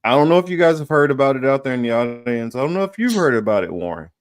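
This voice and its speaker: A man's voice: medium pitch, very animated, fast talker, dry recording. A man hosting a podcast, talking casually and hesitantly with many fillers. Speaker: podcast host.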